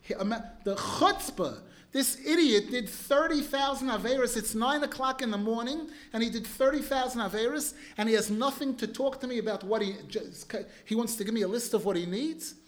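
A man's voice: very high voice, a little fast, few pauses, pitched above the performer's own voice. A man voicing God as an exasperated figure, scolding a petitioner with mocking indignation, in a sermon. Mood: indignant.

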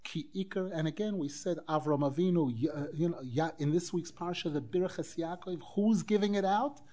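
A man teaching a Torah class as a rabbi, animated, acting out quoted dialogue and weaving in Hebrew phrases. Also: on the high side, normal speed. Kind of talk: Torah lecture.

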